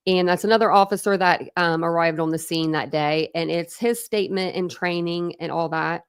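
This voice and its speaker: A woman's voice: on the low side, no echo, studio quality. A young woman hosting a true crime livestream, chatting casually in an Ohio accent with a Philadelphia tinge, laughing often and correcting herself. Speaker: true crime channel host.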